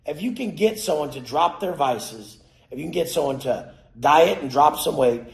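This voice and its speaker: Guy ranting and cussing out his viewers, motivational stuff, kinda high voice, echoey. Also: animated, normal speed, vocal fry. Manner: aggressive, swearing, yelling at listeners. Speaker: motivational speaker. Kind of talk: profane motivational rant. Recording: roomy echo.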